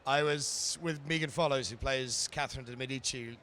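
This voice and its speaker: A man from New Zealand with a New Zealand accent, an actor chatting playfully in a live interview, joking and often pausing with fillers. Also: mid-range voice, fairly even intonation, a bit bright, slight background noise. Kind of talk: casual chat at a live event.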